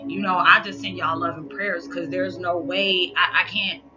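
A woman's voice: on the low side, steady tone, moderate pace. A woman vlogger talking earnestly to her viewers, encouraging and spiritual, often saying y'all. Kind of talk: heartfelt casual talk to viewers. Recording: dull lo-fi sound with music behind.

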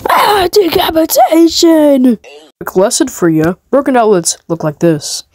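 A woman's voice: fairly low pitch, animated, normal speed, dark tone, dry recording. A woman commentator making dry, mocking quips about a video. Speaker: commentator picking apart a video. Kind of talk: sardonic commentary.

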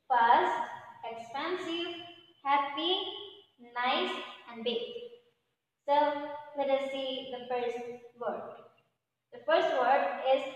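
A woman whose first language is Thai, teaching an English grammar lesson in slow, repetitive, non-native English. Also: high voice. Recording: very echoey room with long reverb.

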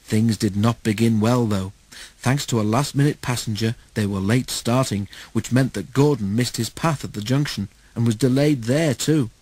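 A man narrating a children's storybook in a steady, measured way. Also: medium pitch, breathy edge, no echo, rough recording. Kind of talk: storybook read-aloud.

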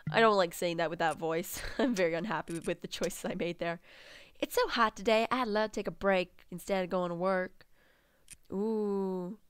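A woman doing let's play commentary, reading game text aloud, excitable and swearing freely. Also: medium pitch, measured pace, a little hiss or hum. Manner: excitable, swears freely, bursts into squeals and laughs.

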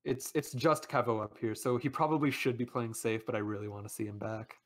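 A man's voice: medium pitch, steady tone, a little fast, a bit bright. A man commentating a kart racing tournament live, chatty and talking to the chat. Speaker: esports caster.

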